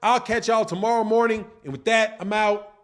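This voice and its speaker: A man's voice: high voice, fairly even intonation, normal speed, fairly bright tone. A man hosting a boxing channel livestream, answering the chat in a combative, repetitive way. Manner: combative, repetitive, insults critics.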